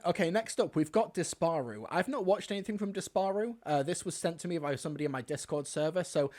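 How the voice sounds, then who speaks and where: A man's voice: on the high side, fast talker, darkish tone. A man hosting a reaction video, talking back to clips with sarcastic, exasperated commentary.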